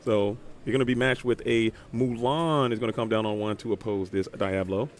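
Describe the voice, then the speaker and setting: A man commentating a live card game tournament, excitable and joking with co-hosts. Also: on the low side, fairly quick.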